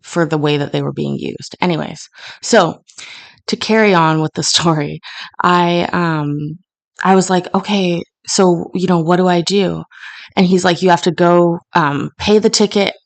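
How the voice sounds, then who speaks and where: A Canadian woman in her thirties chats at home, telling a long personal story. Her voice sits a little low, and she wanders with fillers and false starts. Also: unhurried, vocal fry. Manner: rambling, lots of fillers and restarts. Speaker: host. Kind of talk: casual storytelling chat. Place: home kitchen.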